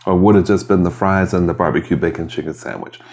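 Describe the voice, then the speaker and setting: A deep-voiced man with a steady, darkish tone talks fast while eating at home for a mukbang vlog. Between bites he chats casually, rambling and sounding mildly aggrieved.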